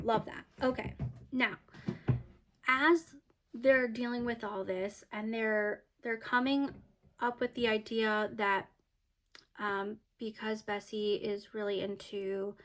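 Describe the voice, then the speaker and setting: A woman's voice: fairly high pitch, fairly bright tone. Chatty woman retelling a book plot. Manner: chatty, many fillers and restarts. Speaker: book reviewer.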